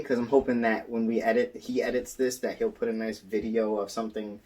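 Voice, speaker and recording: A man co-hosting a casual podcast, telling a story in animated style and acting out the quotes. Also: mid-range voice, a little fast, few pauses, far from the mic. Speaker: podcast co-host. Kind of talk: casual chat.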